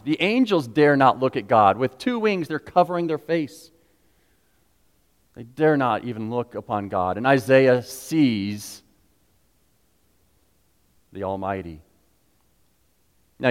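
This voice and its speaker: Man, pastor, lively sermon, acts out quotes, questions the congregation, mid-pitched voice, long church reverb. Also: clear, resonant tone. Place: church sanctuary.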